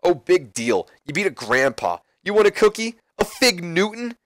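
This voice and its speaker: A smug, sneering wrestler who mocks his rivals at every turn, as a man puts him on. The voice is pitched high and swings up and down with each taunt. The sound is dry and close. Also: big pitch swings, moderate pace, a bit bright, dry recording. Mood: mocking. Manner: taunting, mocking. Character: sneering arrogant male wrestler.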